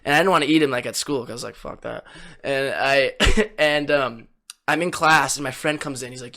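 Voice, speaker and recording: A man's voice: mid-range voice, fairly quick, bright, forceful tone. A young man telling a long story in casual chat, rambling and laughing, full of "like" and "dude". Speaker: podcast guest.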